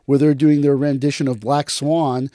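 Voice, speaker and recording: Man hosting a podcast, casual chat, animated, mid pitch, dry close mic. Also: moderate pace, no room sound. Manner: animated, acts out mocking commenters in sudden high voices. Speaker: podcast host and martial arts teacher.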